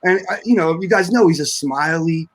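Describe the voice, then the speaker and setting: A man's voice: fairly high pitch, fairly quick, rough recording. A man speaking as a guest drummer in a casual panel chat, emotional and searching for words.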